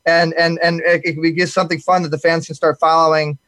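A male talk show host who rambles along with restarts and fillers. His voice sits fairly high for a man. The sound is dry and close, with no room to it. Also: little pitch movement, fast, a bit bright, no room sound. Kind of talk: casual live talk show chat.

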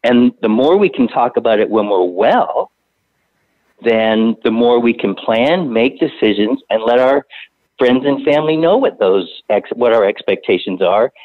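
A man who works as a hospice doctor, calmly explaining things in a conversation. He often repeats words while he gathers his thoughts. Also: mid-range voice, a little slow, dry recording. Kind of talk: casual interview conversation. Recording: tinny phone-line audio.

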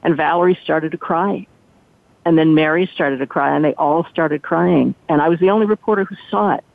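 Deep, creaky, and fairly quick, an older woman's voice comes over a tinny, dry phone line. The ex-entertainment reporter guests on an interview, animatedly recounting behind-the-scenes stories and voicing other people's lines.

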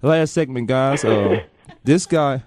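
A man's voice: medium pitch, expressive, takes it slowly, noisy background. A man hosting a sports talk radio show, joking and loose with slangy banter.

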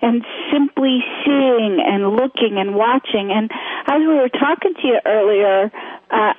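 Woman cohost on a tinny phone line, higher voice, kinda rambly and gentle. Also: measured pace, no room sound. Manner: rambling, searching for words, gentle. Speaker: co-host of a call-in show. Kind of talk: call-in talk show, spiritual advice.

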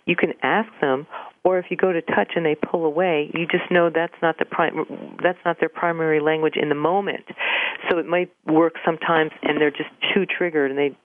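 A woman's voice: deep voice, steady tone, moderate pace. Woman coach on a tinny phone line. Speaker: relationship coach guest. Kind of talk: explaining on a phone-in interview.

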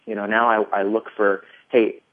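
A man in his thirties, appearing as a podcast guest, rambles casually through his story with plenty of fillers, retelling it animatedly. His voice is fairly low and moderately paced, on a dry recording over a tinny phone line.

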